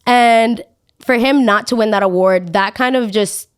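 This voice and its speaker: A young woman talks on her own podcast in a lively, opinionated rant. She swings between easy chat and sudden high, loud bursts of indignation. Her tone stays casual and direct. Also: a little slow, clean tone. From Latina. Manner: animated ranting, jumps up high when outraged. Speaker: podcast host.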